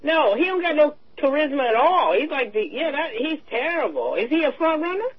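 A woman co-hosting a talk radio show, in casual political chat that is animated and slangy. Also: sits high, brisk. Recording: dull lo-fi radio sound.

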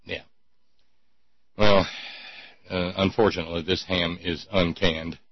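A man's voice: sits low, flat delivery, unhurried, slightly rough, no room sound, highs cut off. A man hosting a talk show, chatting in a rambling, sardonic way with many restarts. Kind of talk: casual call-in show banter.

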